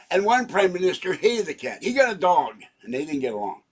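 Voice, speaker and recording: A man's voice: a little high, big pitch swings, normal speed, hardly any pauses. A man in his seventies rambling through a home vlog, joking and interrupting himself as he goes. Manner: rambling, jokey, self-interrupting. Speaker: channel owner.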